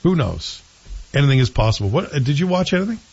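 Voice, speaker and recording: A man co-hosting a show and chatting in an opinionated, animated way about TV series. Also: a little high, fast, breathy edge. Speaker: show co-host reviewing TV. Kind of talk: casual chat. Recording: dull lo-fi sound.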